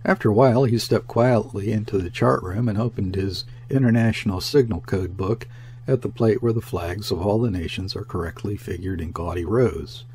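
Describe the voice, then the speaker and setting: A man's voice: on the low side, normal speed, a little mellow. Man reading a classic sea novel aloud. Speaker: audiobook narrator.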